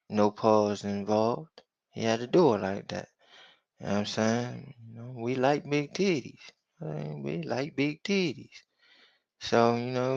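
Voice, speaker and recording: A man's voice: mid-range voice, vocal fry, no echo, highs cut off. A man hosting a casual sports talk show, laid-back and drawling with lots of fillers. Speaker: host.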